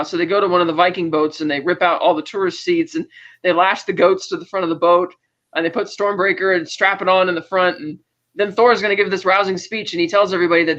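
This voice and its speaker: A man hosting a casual film review, retelling the plot in an animated way and acting out lines of dialogue. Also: high voice, fast, muffled recording. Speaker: podcast host, film reviewer.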